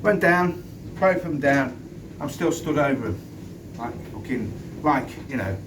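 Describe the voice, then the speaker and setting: A man's voice: mid-range voice, animated, a little slow. A middle-aged man, a former doorman, tells a street-fight story in a blunt, sweary, stop-start way, outdoors in the wind. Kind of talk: casual storytelling to camera. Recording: distant mic with wind noise.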